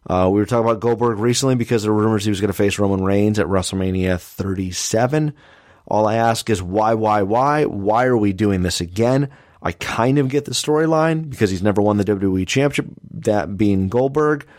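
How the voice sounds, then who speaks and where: A man's voice: on the low side, a little fast, a little mellow, no echo, clean studio sound. A man co-hosting a wrestling podcast, giving strong opinions in a casual chat and firing off exasperated rhetorical questions. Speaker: podcast co-host.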